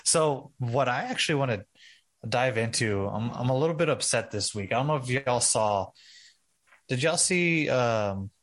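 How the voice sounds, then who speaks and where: A man co-hosting a casual podcast, loud and laughing, swearing freely as he talks. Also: mid-range voice, lively intonation, normal speed. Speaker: podcast co-host. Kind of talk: casual chat.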